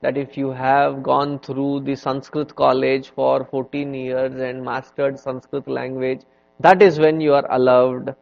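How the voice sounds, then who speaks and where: A man giving a spiritual lecture on scripture, telling stories in an unhurried, conversational way with many "you know" fillers. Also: medium pitch, level tone, creaky. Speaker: swami teaching scripture. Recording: dull lo-fi recording.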